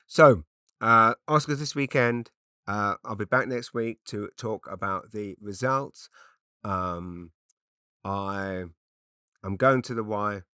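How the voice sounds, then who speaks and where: A middle-aged British man with a low, sharp-toned voice, recorded in studio quality with no echo. He's a comedian rambling through an unscripted solo podcast, full of fillers and restarts, and he pokes fun at himself.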